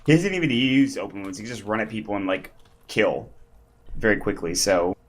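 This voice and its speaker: Young guy casting esports, lowish voice, rambly chatty analysis lots of likes. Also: fairly quick. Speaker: esports caster. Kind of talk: live game commentary.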